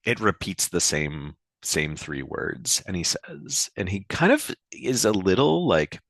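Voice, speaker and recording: A man narrating his turn in a tabletop role-playing game, halting with many fillers and restarts. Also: sits low, lively intonation, creaky, fairly bright tone, no echo.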